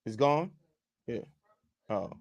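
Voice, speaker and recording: A man speaks slowly yet animatedly in a mid-range voice as he hosts a casual sports podcast live-streamed from home. He talks loosely into a desk microphone, repeating phrases and reading out chat questions, with no room sound in the recording.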